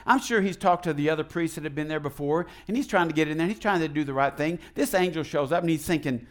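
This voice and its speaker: A man preaching a sermon as pastor, animated and folksy, asking the congregation questions and leading call and response. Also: on the high side, fast, few pauses. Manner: folksy, retells the story in his own casual words.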